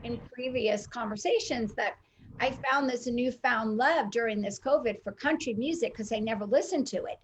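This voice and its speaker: A woman in casual conversation telling an animated personal story and acting out the dialogue. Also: fairly high pitch, normal speed, slight background noise, poor audio. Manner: animated, acts out quoted dialogue.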